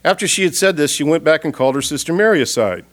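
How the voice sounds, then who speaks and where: A man with a somewhat high voice gives a funeral sermon in a church, earnest and expressive. He moves between raised, pleading appeals and soft, hushed stretches. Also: quick pace. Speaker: pastor.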